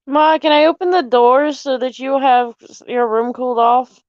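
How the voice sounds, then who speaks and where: Woman, very high voice, dry dull lo-fi sound, keeps cracking up laughing, casual home vlog. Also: no room sound. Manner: giggly, breaks into belly laughs between phrases; swears freely and says "Lord have mercy" often. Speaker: vlogger. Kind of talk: casual live chat to viewers. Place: at home, near her mother's room. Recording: dull lo-fi audio.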